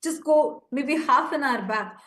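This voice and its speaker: A woman with a bright, high-pitched voice makes an urgent appeal over a live stream, keeping a measured pace. Pleading fervently with those listening, she grows indignant at her critics.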